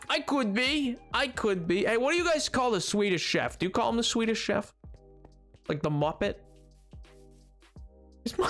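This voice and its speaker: A young man with a high-pitched, somewhat bright voice streams a game, chatting casually with his chat and reading messages aloud. He rambles in a self-deprecating way, throwing in playful bits.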